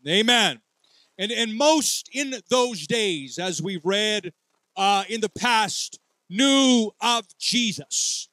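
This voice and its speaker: A man preaches a church sermon in a high voice, calling out for the congregation to answer him. He moves at an unhurried, deliberate pace, drawing out his phrases in prayer. The sound is dry and close, with little room echo. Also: expressive, sharp tone. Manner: calls for congregation responses, leads prayer with drawn-out phrases. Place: church sanctuary.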